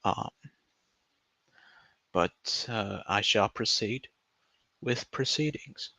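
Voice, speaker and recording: A young man chatting casually to his stream, rambling and swearing, breaking into loud laughter. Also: lowish voice, extremely slow, gravelly, dry recording. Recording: dry, slightly muffled lo-fi audio.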